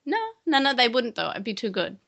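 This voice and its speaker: Bright, playful woman co-host. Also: fairly high pitch, animated, quick pace, vocal fry. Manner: chatty, playful, rambling with restarts. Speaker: podcast co-host. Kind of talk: casual chat.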